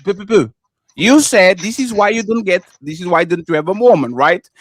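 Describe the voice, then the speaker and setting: In a heated debate on a live panel show, a high-pitched co-host who speaks English as a second language keeps interrupting a guest with "sir" and lecturing him insistently. His intonation is lively, he talks fairly quickly, and the recording is dry.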